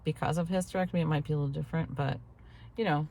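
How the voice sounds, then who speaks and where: A woman's voice: low voice, rapid-fire, creaky, dark tone. A post-menopausal woman in her fifties chatting casually to camera, rambling and laughing now and then, recorded on a clip-on mic. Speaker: vlogger. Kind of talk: casual vlog chat. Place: in a parked truck.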